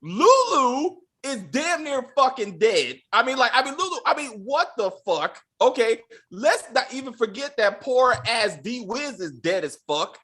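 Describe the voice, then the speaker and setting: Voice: medium pitch, big pitch swings, unhurried, hardly any pauses, fairly bright tone. A podcast host ranting casually and with a lot of profanity while reviewing a TV episode. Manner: profane, exasperated ranting with acted-out quotes.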